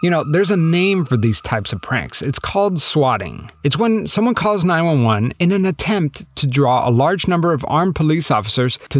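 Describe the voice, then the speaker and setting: A man hosting a true-crime podcast, reading scripted narration in a measured, pointed, lightly sarcastic way. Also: on the high side, dry recording. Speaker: podcast host.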